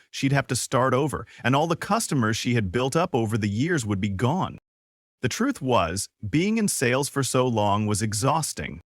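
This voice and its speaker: A man tells a comic story as a scripted recap, his pitch rising and falling freely as he goes. His voice sits at a middle pitch. The sound is dry and close, with no room around it. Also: no room sound. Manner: lively storytelling, quoting characters' lines in passing. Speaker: narrator.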